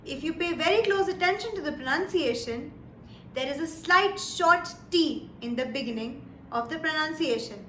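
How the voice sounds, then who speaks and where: Slow, bright-voiced woman teaching German. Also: high-pitched. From India. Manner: repeats words twice, checks in with "Yes?" and "All right?". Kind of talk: slow, patient lesson delivery. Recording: echoey room with faint background noise.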